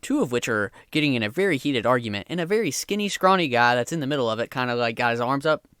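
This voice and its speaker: A game master setting a scene for the players, describing it with frequent hesitations. The pitch moves around a lot. The sound is dry and close. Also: expressive, quick pace, fairly bright tone, smooth, dry recording. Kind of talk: narrating a tabletop game.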